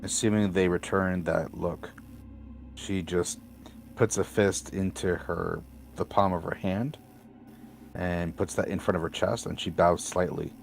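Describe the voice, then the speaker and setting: A man playing a tabletop game, describing his character's actions in a thoughtful, measured way. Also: sits low, fairly even intonation, creaky. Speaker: player.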